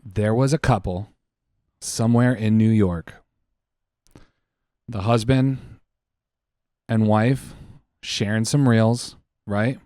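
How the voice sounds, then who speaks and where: A man's voice: on the low side, steady tone, slow pace, pauses often, warm tone, no echo, clean studio sound. A young man co-hosting a casual comedy podcast, telling a mock-conspiratorial story with lots of swearing and put-on voices. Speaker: podcast co-host.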